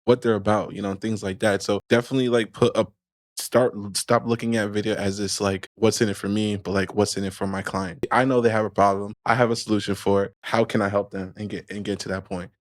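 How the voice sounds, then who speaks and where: A man as a podcast guest in casual conversation, relaxed and chatty, often adding "you know". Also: on the low side, quick pace, dry recording, studio quality.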